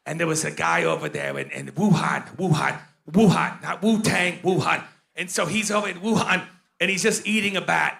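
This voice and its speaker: A man hosting a conference, joking and rambling in animated comedic stage banter. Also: high-pitched, moderate pace, vocal fry. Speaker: conference host.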